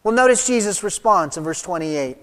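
A preacher giving an expository sermon, stressing points loudly and then dropping quiet. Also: mid-range voice, expressive, brisk. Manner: emphatic teaching, swinging between loud stresses and quiet drops. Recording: long reverb of a large hall.

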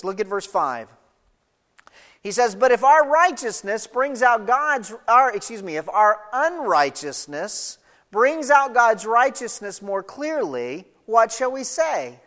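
A man's voice: high-pitched, fairly bright tone. A man preaching an expository sermon, emphatic, reading scripture aloud and explaining it. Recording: long reverb of a large hall.

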